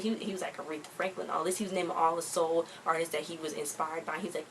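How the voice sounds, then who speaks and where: A woman's voice: lowish voice, quick pace, few pauses, distant mic, slight background noise, rough recording. A woman vlogger in casual chat, rambling and chatty as she recaps an awards show. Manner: chatty, rambling, quotes people in a relaxed conversational way.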